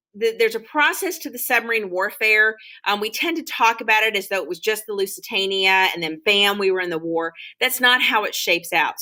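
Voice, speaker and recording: A woman's voice: mid-range voice, pushed and bright. A woman teaching a history lecture in a loose, conversational way, with frequent ums and restarts. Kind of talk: classroom lecture.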